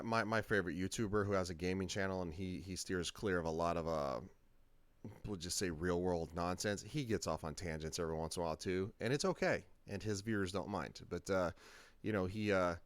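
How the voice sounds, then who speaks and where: A man's voice: deep voice, brisk, clean tone, no echo. A man hosting his own reaction channel, talking in a casual, rambling way with many fillers and restarts. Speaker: channel host.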